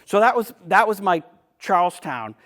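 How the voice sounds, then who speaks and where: A man's voice: sits high, big pitch swings, moderate pace, fairly bright tone. A middle-aged man, talking casually to an audience about his books, full of asides and restarts. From Boston area. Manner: storytelling, chatty, with frequent restarts and asides. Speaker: author giving a talk. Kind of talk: casual author talk to an audience.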